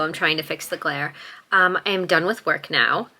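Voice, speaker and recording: A woman's voice: low-pitched, normal speed, bright, forceful tone, a little hiss or hum. A young woman in her twenties filming a casual reading vlog at home, gushing about books and talking to her pet now and then. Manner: gushing, talks to her pet mid-sentence. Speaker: book vlogger. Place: at home indoors.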